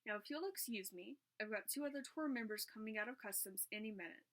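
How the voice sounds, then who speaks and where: A woman's voice: medium pitch, natural voice. A woman doing a cheerful male tour guide. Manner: bright, brisk, friendly.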